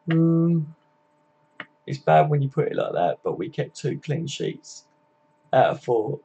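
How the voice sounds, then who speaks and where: A man's voice: a little high, expressive, measured pace, creaky, mellow, slightly rough, highs cut off. A man hosting a casual live football chat, reading and answering viewer comments by name, swearing freely and laughing often. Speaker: livestream host.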